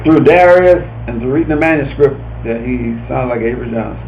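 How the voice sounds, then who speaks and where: Gravelly older man telling a story. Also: mid-range voice, brisk, darkish tone. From Montgomery, Alabama. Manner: folksy, repeats quoted dialogue with relish. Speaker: basketball coach, guest. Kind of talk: storytelling in casual conversation. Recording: echoey room, muffled lo-fi audio with faint hiss.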